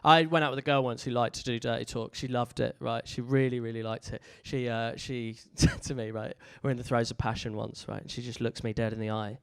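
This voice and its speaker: A man's voice: medium pitch, steady tone, fairly quick, vocal fry, hardly any pauses, fairly bright tone, clean tone. A man with an English accent doing a live stand-up comedy set, rambling and self-deprecating, full of fillers and restarts. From England.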